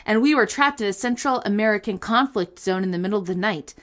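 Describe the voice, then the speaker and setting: A woman's voice: mid-range voice, fast talker, a bit bright. A woman co-hosting a casual podcast, reading listener stories aloud with playful comic asides and frequent laughter.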